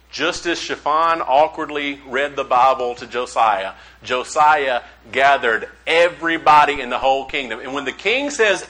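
A man preaching a sermon, a folksy, animated storyteller who acts out the voices of the people he quotes. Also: medium pitch, normal speed, low-quality recording. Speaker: pastor.

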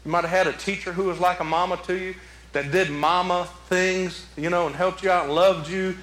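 This pastor's high voice holds a steady tone as he talks a little fast, slightly bright, in an echoey sanctuary. His folksy Mother's Day sermon is conversational, returning again and again to rhetorical questions.

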